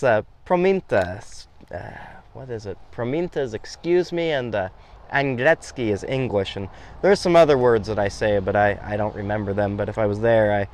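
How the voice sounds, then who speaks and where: A man's voice: medium pitch, clear, resonant tone. A man in his thirties hosting a casual chat, rambling and handing out travel tips. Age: 30s. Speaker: host.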